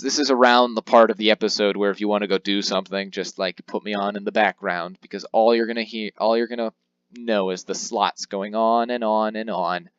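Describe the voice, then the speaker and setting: A man's voice: lowish voice, fairly bright tone, no echo, lo-fi sound. A man giving casual, self-mocking game commentary, rambling with jokey asides. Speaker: let's play commentator.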